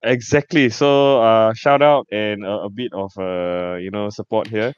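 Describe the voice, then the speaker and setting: A man's voice: lowish voice, steady tone, measured pace, clear, resonant tone. A young Singaporean man hosting a casual podcast chat, joking and using local slang. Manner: laid-back, joking, uses local slang. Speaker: podcast host. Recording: dull, dry lo-fi sound.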